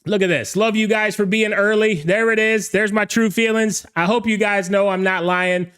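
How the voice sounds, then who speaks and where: An excited man hosts a live online show, shouting greetings to his viewers. His voice sits high and comes across smooth and clear. He rambles and stumbles over his words in his eagerness. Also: normal speed. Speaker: livestream show host and DJ. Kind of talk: energetic livestream hosting.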